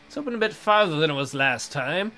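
A young man hosting a let's play, reading game text aloud and adding sarcastic, profane commentary with sudden loud outbursts. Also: fairly high pitch, lively intonation, fast talker, faint music behind.

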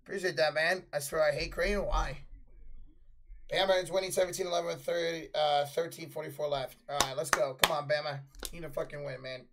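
A man streaming live play-by-play commentary, calling big plays loudly, then chatting casually with viewers and swearing freely. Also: fairly high pitch, steady tone, a little fast, background noise.

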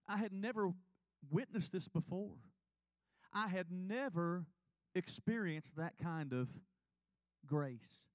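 A man's voice: sits high, slow pace, pauses often, no room sound. A man, preaching in church and telling his own testimony in an earnest, confessional way. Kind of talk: sermon testimony. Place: church sanctuary.

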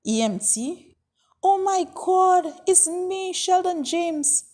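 A woman's voice: mid-range voice, sing-song, measured pace, darkish tone, slightly rough. A woman voicing a worried father who speaks firmly and emphatically. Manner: firm, emphatic. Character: worried grown father, firm and caring.

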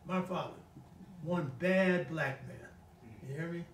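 A man's voice: fairly high pitch, a little slow, echoey room, far from the mic, a little hiss or hum, poor audio. An older man on a talk show telling family stories in a casual, emphatic way, often asking "you know what I mean?". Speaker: guest speaker on a talk show. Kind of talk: casual storytelling conversation.

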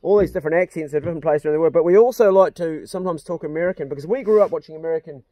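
A man's voice: on the high side, rapid-fire, dark tone, no echo. A middle-aged man with a New Zealand accent, hosting a cheeky, casual chat and swearing freely. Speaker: host.

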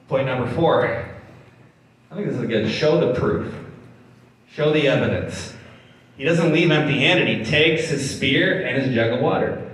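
A man's voice: medium pitch, a little slow, pauses often, fairly bright tone. A man pastor preaching a sermon in a conversational way, with laughing asides, in a church hall. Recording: very echoey hall, distant mic.

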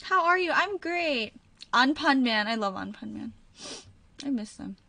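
A young woman streaming a reaction video, chatting casually and gushing with excitement, with a giggly manner. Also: sits high, unhurried, gravelly, no echo.

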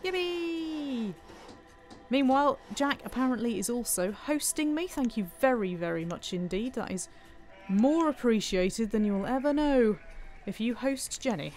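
A woman's voice: fairly high pitch, lively intonation, normal speed, hardly any pauses, a little mellow, faint music behind. Chatty woman streaming a game. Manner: chatty and playful, thanking viewers, talks to herself. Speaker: streamer playing a city-building game. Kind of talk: live-stream gameplay commentary.

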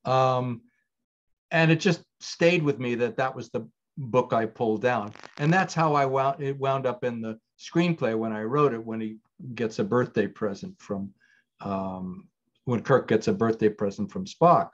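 A man's voice: mid-range voice, a little slow, dull audio. An older man, a writer-director, answering interview questions in a thoughtful, digressive way with frequent restarts.

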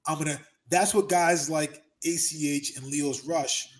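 Interview guest: man, fairly high voice, emphatic and animated storyteller. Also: measured pace. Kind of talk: casual interview talk.

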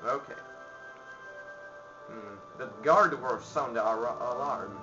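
Panicky male gamer, slow and bright. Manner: panicky, yelling at enemies then muttering low. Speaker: let's play gamer. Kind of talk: game commentary. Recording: dull lo-fi with faint music.

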